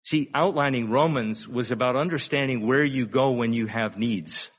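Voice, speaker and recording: A man's voice: mid-range voice, moderate pace, breathy edge. An older man delivering a sermon in an easygoing, conversational way. He poses frequent rhetorical questions and stretches out key phrases for emphasis. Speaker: pastor.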